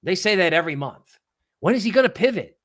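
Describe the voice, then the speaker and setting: A man with a somewhat high voice hosts a livestream of casual market commentary. He talks in an animated, sarcastic way and keeps slipping into mocking quoted voices. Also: quick pace. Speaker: livestream host.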